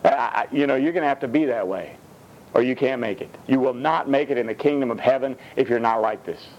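A man's voice: medium pitch, a little fast, a little mellow, dull audio. A man preaching a sermon, emphatic and blunt, with mocking asides.

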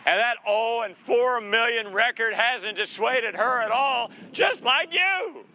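A man with a high, very bright voice preaches in a loose, chatty way. He is sarcastic and folksy, and he slips into playful voices now and then to make his point. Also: fairly even intonation, unhurried, slight background noise. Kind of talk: conversational sermon.

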